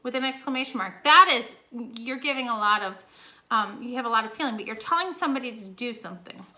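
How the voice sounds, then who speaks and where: A woman's voice: fairly high pitch, expressive, quick pace, bright, forceful tone. A young woman teacher recording a casual home lesson for her students, explaining each step in a chatty way.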